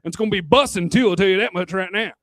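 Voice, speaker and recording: A man voicing a stubborn older man with high blood pressure who speaks in a gruff, defiant way. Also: rapid-fire, a bit bright, no echo, studio quality.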